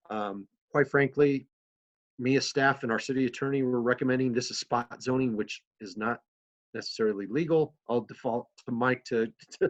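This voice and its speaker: A man in the role of city manager talks a council through its duties in an easy, conversational way, mixing in stories and the odd "um." His voice sits at a middle pitch. The recording is dull and lo-fi. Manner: conversational, storytelling with fillers. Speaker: city manager giving a training presentation. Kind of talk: presentation to a council.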